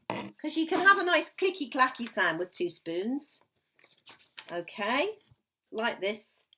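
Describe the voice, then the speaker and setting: A fairly high, very lively woman's voice, speaking slowly and leaning hard into each phrase for young listeners. She teaches a children's music lesson in an encouraging sing-song. Faint noise sits under the recording. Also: rough recording. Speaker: primary school music teacher.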